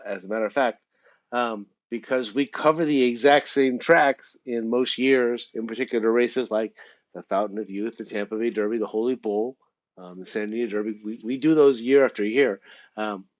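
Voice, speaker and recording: A man hosting a horse racing handicapping show. He talks in a rambling way, often restarting and filling with um and uh. His voice sits at an ordinary pitch, and the recording is somewhat dull. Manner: rambling, repeats words and fills with um. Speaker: show host.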